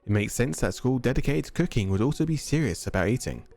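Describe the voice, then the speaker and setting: A man streaming a dating game, reading the narration aloud and tossing in animated, casually profane asides. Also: mid-range voice, fast talker, creaky.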